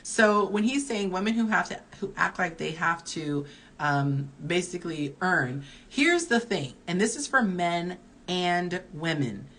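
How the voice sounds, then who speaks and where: A woman's voice: on the low side, lively intonation, unhurried, a bit bright. A woman in her early forties, a dating coach, giving candid advice in a chatty live-stream Q&A while reading viewer comments aloud. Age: early 40s.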